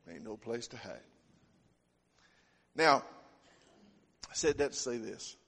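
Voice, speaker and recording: A man's voice: mid-range voice, lively intonation, slow, gravelly, a bit bright, slightly rough. A man preaching a sermon, telling homespun stories in a folksy way. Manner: folksy storytelling, homespun phrasing. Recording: long hall reverb.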